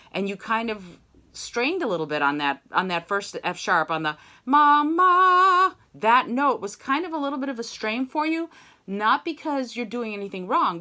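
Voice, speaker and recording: A woman's voice: medium pitch, bright, forceful tone. A woman singing teacher with a mezzo voice, chatty and encouraging as she leads an online voice lesson and sings short demo phrases. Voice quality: mezzo-soprano voice.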